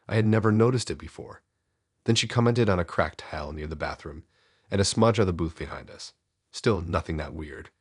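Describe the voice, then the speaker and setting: A man narrating first-person horror stories in a slow, somber scripted read. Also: low voice, breathy edge, dry recording, clean studio sound.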